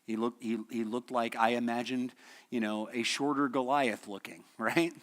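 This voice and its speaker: A man's voice: medium pitch, fairly even intonation, normal speed. A man teaching a midweek church lesson in a conversational, storytelling way, asking the class questions and chuckling often. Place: church hall.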